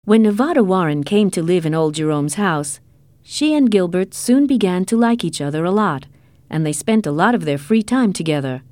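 A woman reading a story aloud in a clear, measured way. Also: lowish voice, lively intonation, darkish tone, no room sound, studio quality. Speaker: narrator. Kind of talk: scripted storybook narration.

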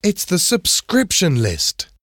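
A man's voice: high-pitched, slow pace, no echo, studio quality, pitched above the performer's own voice, exaggerated voice. A man voicing a sweet, eager schoolgirl in a storybook reading. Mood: excited. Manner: excited, sweet. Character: eager schoolgirl, bright and excitable.

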